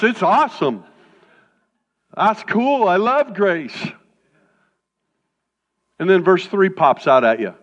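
High-pitched pastor preaching in a reverberant hall. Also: male voice, measured pace. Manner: conversational, animated, breaks off with quips. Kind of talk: sermon. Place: church sanctuary. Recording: dull sound in a reverberant hall.

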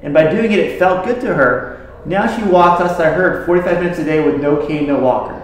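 A man's voice: on the high side, a little fast. A man who treats patients, talking casually to a group and telling stories about his patients. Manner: conversational, tells patient stories. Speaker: health practitioner treating patients. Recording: very echoey room.

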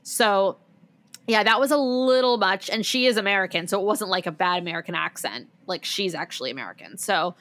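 A woman co-hosting a podcast in casual chat, talking in an animated, enthusiastic way. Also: mid-range voice, fairly quick. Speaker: podcast co-host.

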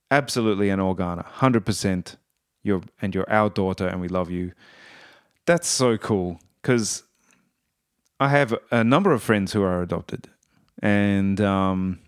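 Man with a smooth, resonant voice. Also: on the low side. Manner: enthusiastic, rambling with fillers and restarts. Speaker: musician reviewing a TV series. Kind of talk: casual spoken review.

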